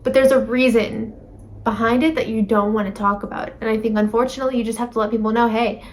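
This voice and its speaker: A woman's voice: fairly high pitch, steady tone, quick pace, a little hiss or hum. A woman giving a casual tarot reading to camera, rambling with lots of fillers and self-corrections. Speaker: tarot reader.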